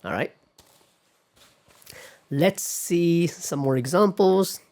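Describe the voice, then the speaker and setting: Man lecturing, pausing on okay. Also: a little high, a little mellow. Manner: measured, often pausing with "okay" and "all right"; models sample words aloud. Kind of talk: classroom lecture on pronunciation.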